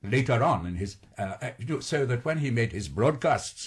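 A man in his late sixties, raised in Scotland, speaking with an English received pronunciation accent in a measured, anecdotal radio interview, recorded as an archival radio broadcast. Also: mid-range voice, animated, slightly rough. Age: 60s. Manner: measured, anecdotal, slips into quoted voices. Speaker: actor being interviewed.

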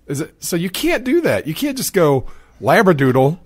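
A man's voice: on the high side, big pitch swings, normal speed, husky, dry recording, clean studio sound. A middle-aged American man hosting a podcast, chatting casually, laughing often and rambling. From United States. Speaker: podcast host.

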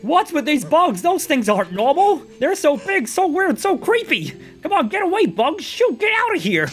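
A man's voice: very high-pitched, huge pitch swings, normal speed, voice pushed up, heavily acted. A man voicing a jittery, frightened village man who sounds squeamish and panicky. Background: game music.

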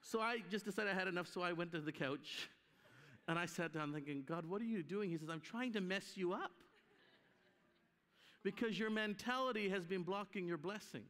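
At a conference, a man with a high voice preaches at a moderate pace as a guest speaker. He is animated, weaving stories into the sermon and voicing their characters, heard via live stream audio from a church hall with long reverb.

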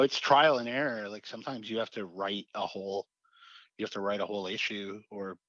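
A man with a fairly low voice talks about his craft in a relaxed interview. He rambles, hedges, and restarts his sentences often. The sound is dry and a bit muffled. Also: dry recording. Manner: rambling, hesitant, many fillers and restarts. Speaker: comic writer guest. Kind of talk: casual interview.

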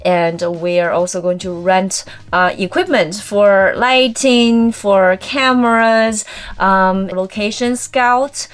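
A woman's voice: medium pitch, fairly even intonation, slow, clear, resonant tone. Chatty woman comedian, English as second language. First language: not English. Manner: chatty, upbeat, with frequent fillers. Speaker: stand-up comedian. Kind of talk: casual promotional talk to camera.

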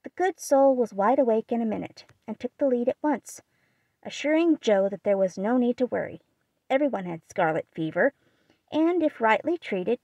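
A woman narrating a classic novel as an audiobook, with a steady, expressive reading. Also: mid-range voice, gravelly, no echo. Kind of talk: scripted narration.

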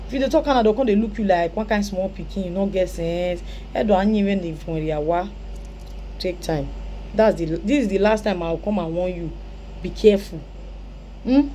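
A woman's voice: medium pitch, a little fast, dark tone, slight background noise. A Nigerian woman commenting on a clip in Pidgin, scolding and advising the man she talks about. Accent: Nigerian Pidgin English.

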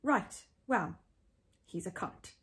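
A woman's voice: medium pitch, animated, takes it slowly, a bit bright. A woman reading aloud and voicing a blunt, caring female best friend who talks in a frank, sweary, reassuring way.

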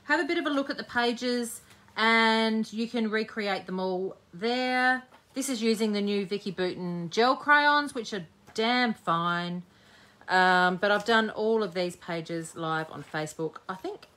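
A cheeky, talkative woman hosts a live crafting session and chats to her viewers while she works. Her voice is bright and ringing, and her pitch sits in a middle range for a woman. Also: unhurried. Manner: chatty, cheeky, talks while working. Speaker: scrapbooking host. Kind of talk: live-streamed crafting demo, chatting to viewers.

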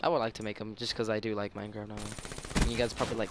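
A man's voice: fairly low pitch, little pitch movement, fast talker. A young man giving casual, rambling gameplay commentary as a gaming YouTuber, self-mocking and full of fillers. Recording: game audio noise behind voice. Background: gunfire from the game.

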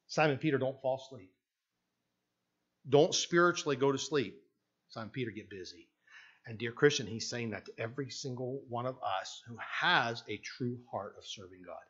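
A man preaching a sermon as pastor with a Canadian English accent, moving from hushed tones to loud emphatic passages and acting out the voices in his stories. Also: mid-range voice, animated, moderate pace, dull audio.

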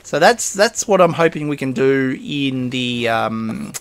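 A man's voice: mid-range voice, expressive, a little slow, clean tone, dry recording. A man giving casual, rambling let's-play commentary as a gaming host. He talks to himself as he plays and chuckles often.

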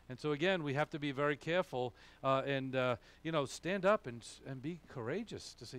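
A man's voice: medium pitch, animated, moderate pace, hardly any pauses, a bit bright. A man with a Boston accent preaching a sermon in a conversational way, often checking in with "okay?". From New England, USA. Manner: conversational, frequent "okay?" asides. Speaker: pastor.

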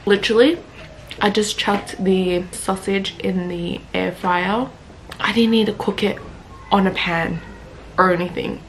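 A woman's voice: mid-range voice, a bit bright, slight background noise. A young woman, chatting casually to camera in a vlog, giggly and full of "like" and "literally". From Australia. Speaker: vlogger.

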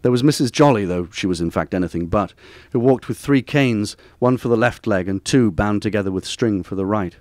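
A man with a low voice reads his own essay aloud at a bookstore event. His delivery is measured and wry, with a literary cadence. The sound is dry and close. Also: a little mellow, no room sound. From Durham, northern England. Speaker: author reading from his book. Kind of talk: reading aloud from a personal essay.

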